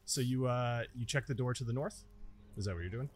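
A man narrating as game master of a tabletop game, relaxed and chatty, laughing often. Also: mid-range voice, brisk, slight background noise.

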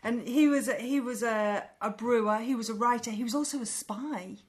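A woman's voice: on the high side, normal speed. A woman co-hosting a podcast in casual chat, laughing often and stumbling over repeated words. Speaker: podcast co-host.

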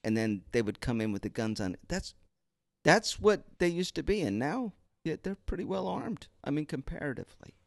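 Lively, wry male podcast host. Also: on the high side, normal speed, creaky, no room sound, clean studio sound. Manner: wry and joking, animated delivery. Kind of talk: casual chat.

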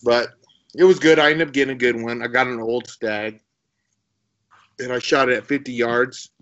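A man's voice: medium pitch, steady tone, normal speed, fairly bright tone. A man as a podcast guest telling a long story casually, rambling, repeating words and chuckling often. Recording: dull lo-fi sound.

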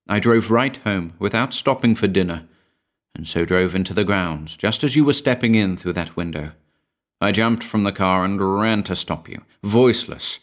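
A cold, ghostly young woman with a hushed, subdued voice, as a male narrator reads her. Her lines come low and soft in a storybook reading. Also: natural voice.

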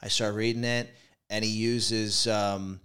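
A man in his early forties, a guest on a comedy podcast, talking in halting bursts full of "like". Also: lowish voice, level tone, pushed and bright, clear, resonant tone. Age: 40s. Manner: halting, many "like" fillers. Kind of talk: casual comedic chat.

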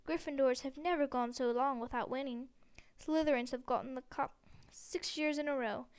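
A stiff, proud ghost of a gentleman speaks with formal manners and a touch of offence, as a woman narrator puts him on. The voice is high and smooth. It is a storybook reading. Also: steady tone, normal speed, close to an everyday voice. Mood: hopeful. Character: stiff, proud old male ghost, easily miffed.

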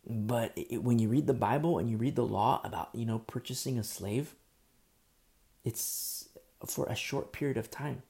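Guy preaching with a sore throat, gravelly and earnest, repeats himself for emphasis. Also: medium pitch, normal speed, dark tone. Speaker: pastor. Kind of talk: sermon.

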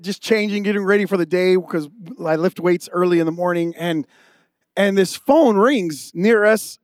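A man's voice: high voice, no room sound, studio quality. A male pastor giving a sermon with casual, humorous storytelling.

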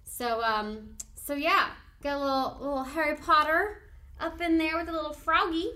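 High-voiced, gushing woman podcast host. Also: moderate pace. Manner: gushing, excitable, giggly. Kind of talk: casual podcast chat.

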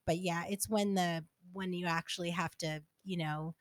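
A woman's voice: lowish voice, fairly even intonation, moderate pace, no room sound. A woman hosting a podcast, chatting casually and playfully with a guest. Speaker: podcast host. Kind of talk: casual chat.

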